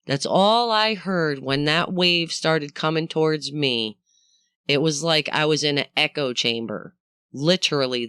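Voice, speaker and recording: A woman hosting a podcast, telling a story in a casual, animated way, swearing freely and talking straight to the listener. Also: fairly low pitch, clean tone, dry recording, studio quality. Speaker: podcast host.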